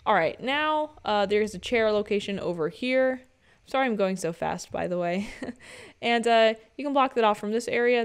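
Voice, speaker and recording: A woman's voice: mid-range voice, clean tone. A young woman giving a casual, playful video game tutorial from home, chatty with joking asides. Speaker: gaming guide creator.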